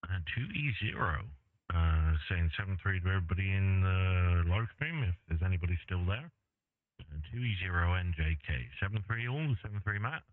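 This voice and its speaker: Deep-voiced English man on ham radio. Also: lively intonation, moderate pace, no echo, phone-quality sound. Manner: laid-back, rambling, many fillers. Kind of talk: casual radio chat. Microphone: radio transceiver mic. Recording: thin radio transmission audio.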